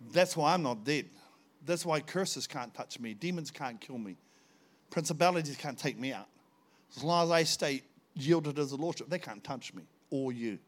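A man preaching a sermon, telling stories in an animated, dramatic way and laughing often. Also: a little high, normal speed. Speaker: pastor. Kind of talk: storytelling sermon.

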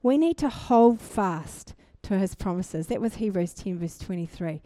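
A young woman preaching a sermon, telling a personal testimony in an animated way and building to fervent exhortation. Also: mid-range voice, measured pace, hardly any pauses, dry recording. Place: church.

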